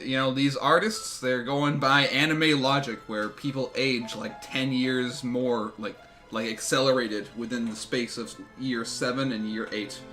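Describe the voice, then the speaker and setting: A male streamer with a bright, forceful voice reads a visual novel aloud. He talks in an excitable way, swearing and breaking into laughter. Faint game music plays behind him. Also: mid-range voice, a little slow. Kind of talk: let's-play stream, reading game text aloud.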